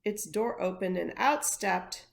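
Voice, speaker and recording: Unhurried woman reading a picture book aloud. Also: medium pitch, gravelly. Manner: expressive storytelling, unhurried. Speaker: education coordinator.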